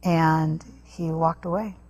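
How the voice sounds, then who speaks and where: A woman guest on an interview show, telling a personal story earnestly, with halting restarts. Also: sits low, steady tone, a little mellow, husky. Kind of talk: personal testimony in a talk interview.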